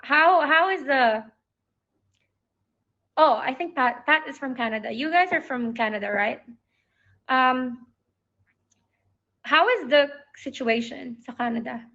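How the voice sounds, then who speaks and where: A woman's voice: high-pitched, a little slow, pauses often, fairly bright tone, lo-fi sound. A woman with a Filipino accent hosting a casual livestream, talking emotionally to her viewers and mixing English with Tagalog. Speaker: livestream host.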